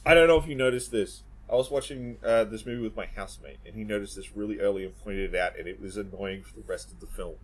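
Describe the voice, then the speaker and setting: A man's voice: fairly low pitch, fast talker, few pauses, breathy edge. Blunt swearing podcast guy. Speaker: podcast co-host. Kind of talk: casual podcast chat.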